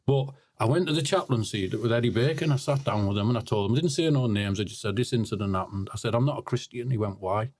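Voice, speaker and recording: A man's voice: medium pitch, fast talker, few pauses, a little mellow, dry recording. A blunt man telling stories as a podcast guest. He often repeats words as he starts a sentence. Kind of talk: casual storytelling.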